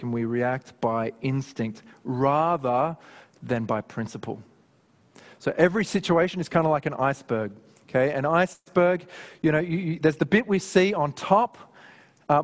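A man preaching a sermon in a conversational, animated way, with personal stories. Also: fairly high pitch. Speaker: pastor. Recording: long hall reverb.

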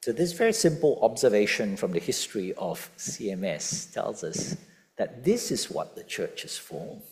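A man's voice: on the low side, moderate pace. A man preaching a sermon, asking the congregation questions and stressing key words. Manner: lively, questioning the congregation, emphatic quotes. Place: church.

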